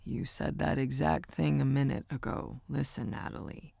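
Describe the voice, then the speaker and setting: A woman narrator voicing a gentle older uncle in an audiobook, speaking in a low, hushed, comforting way. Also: level tone, normal speed, gravelly, no echo, exaggerated voice. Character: gruff gentle uncle, older man, soft-spoken. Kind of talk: audiobook character voice.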